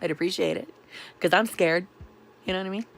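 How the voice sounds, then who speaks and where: A woman in her thirties from New York State, telling a sarcastic, animated venting story in a vlog. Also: on the low side, fairly quick, gravelly. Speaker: vlogger.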